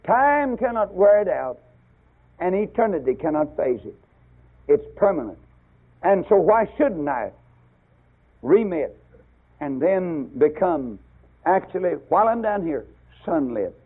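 An older preacher delivers a fiery sermon, climbing to loud, emphatic bursts before dropping low. His voice sits a little high and has a husky grain. It comes over a tinny, lo-fi radio broadcast. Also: very animated, measured pace, long pauses.

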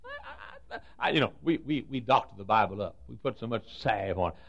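Folksy older preacher with a gravelly voice. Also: male voice, lowish voice, expressive, fast talker, lo-fi sound. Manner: folksy storytelling with stammered restarts and sudden swings from loud to soft. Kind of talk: sermon.

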